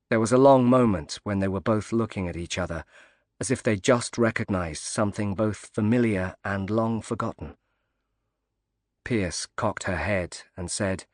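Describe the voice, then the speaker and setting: A male audiobook narrator with a low voice reads scripted narration at a moderate pace. The recording is clean studio sound with no echo.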